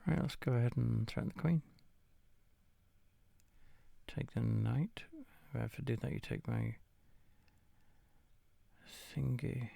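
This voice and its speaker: A man's voice: medium pitch, slow pace, gravelly, long pauses, dark tone, dry recording. A tired man, casually commenting while he plays a game of chess, muttering and swearing now and then. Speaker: gamer playing chess against the computer.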